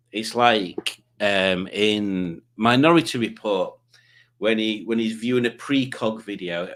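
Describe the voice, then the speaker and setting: A man with a Yorkshire accent hosting a live stream, chatting casually and rambling through viewer comments. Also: on the low side. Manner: rambling, self-deprecating, chatty. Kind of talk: casual chat reading comments.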